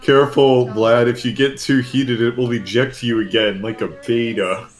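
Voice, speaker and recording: Man, mid-pitched, wry teaser on a game call. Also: fairly even intonation, moderate pace. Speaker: player on a group call. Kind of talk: casual gaming banter.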